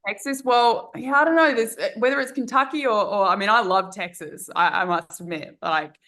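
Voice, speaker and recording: A woman's voice: a little high, a little fast, a bit bright. Chatty Australian woman, rambling. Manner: chatty, rambling with many fillers and restarts. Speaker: guest, dating coach. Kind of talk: casual podcast chat.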